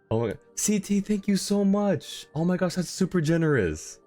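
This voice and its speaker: A man's voice: high-pitched, dark tone. A man streaming a game in casual chat, effusively thanking viewers and laughing often. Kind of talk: casual live-stream chat while gaming.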